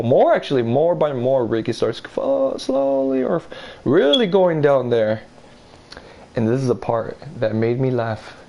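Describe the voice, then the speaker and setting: A young man telling a story casually, rambling and swearing, putting on a higher voice for quotes. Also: creaky, a little mellow.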